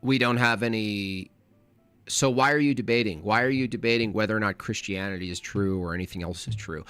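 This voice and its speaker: A man's voice: fairly low pitch, a little fast, a bit bright, smooth, dry recording, soft background music. A man hosting a live reaction stream, arguing combatively and mocking his opponents, sometimes mimicking them in silly voices.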